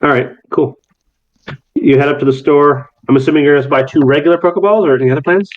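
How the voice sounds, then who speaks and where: A man's voice: fairly high pitch, fairly even intonation, quick pace. A man narrating as game master, loose and chatty, with plenty of fillers, on slightly muffled audio.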